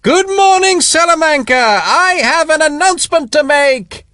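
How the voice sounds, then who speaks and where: A man's voice: fairly high pitch, big pitch swings, normal speed, fairly bright tone, no echo, voice pushed up. A man reading an audiobook, voicing a mocking, rakish aristocratic British officer in a raised, theatrical voice. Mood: boisterous teasing. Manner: teasing, theatrical, bellowing. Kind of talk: audiobook character voice.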